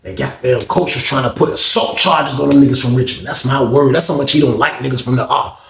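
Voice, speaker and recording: Gravelly man telling a profane story. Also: medium pitch, quick pace, a bit bright. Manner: profane, slangy, repetitive, addresses viewers. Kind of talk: casual storytelling. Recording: roomy echo.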